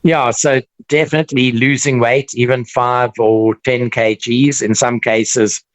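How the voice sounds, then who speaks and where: A man with a South African accent, a dentist guest explaining treatment in relaxed, casual chat. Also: mid-range voice, measured pace, dry recording, poor audio. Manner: relaxed, explains with examples and restarts.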